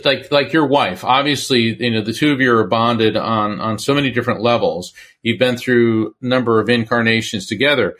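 A middle-aged man, a medium and former attorney, telling stories as an interview guest and acting out the voices of the people he quotes. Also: mid-range voice. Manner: animated storyteller who acts out quoted voices. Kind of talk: conversational interview storytelling.

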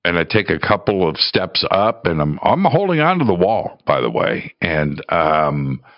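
A man telling a personal story in a casual, halting way, often repeating words and restarting. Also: deep voice, wildly swooping pitch, dry recording, dull audio. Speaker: guest telling a travel story.

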